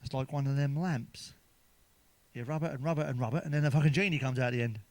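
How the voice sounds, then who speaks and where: A man's voice: medium pitch, quick pace, a little mellow, dry recording. A man telling crude jokes in a sweary monologue, chuckling at his own punchlines. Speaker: stand-up comedian.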